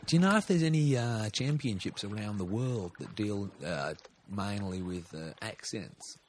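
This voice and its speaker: A man's voice: lowish voice, expressive, normal speed. A British man co-hosting a podcast, swearing constantly in crude, jokey improvised banter. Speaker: podcast co-host. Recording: faint background noise and clicks.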